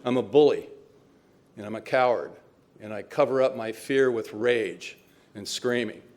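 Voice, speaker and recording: A middle-aged man speaks candidly at a recovery meeting, laughing at himself as he tells his story. His voice sits at an ordinary, mid-range pitch for a man. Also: a little slow, darkish tone. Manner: candid, self-mocking, chuckles through his story.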